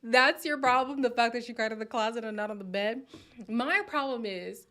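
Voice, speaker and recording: A woman's voice: a little high, moderate pace, pushed and bright. Chatty, playful woman hosting a live chat. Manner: chatty and playful, laughs often, drops to a whisper at times. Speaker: live stream host. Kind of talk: casual live chat reacting to viewer comments.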